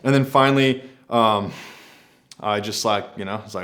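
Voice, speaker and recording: A man's voice: on the low side, moderate pace, heavy background noise. A man telling a personal adventure story to camera in a laid-back, rambling way, often saying "like".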